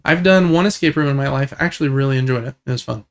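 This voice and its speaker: Gravelly young man chatting about games. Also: medium pitch, rapid-fire, dull audio. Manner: relaxed, rambling, enthusiastic about games. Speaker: podcast co-host. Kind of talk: casual gaming podcast chat.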